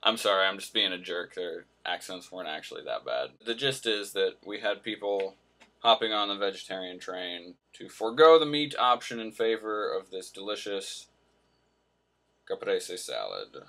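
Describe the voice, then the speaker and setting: A man's voice: low-pitched, animated, moderate pace, sharp tone. A man hosting a casual cooking vlog, joking and telling playful mock-serious tall tales as he cooks in a home kitchen. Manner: hums to himself while cooking. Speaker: host.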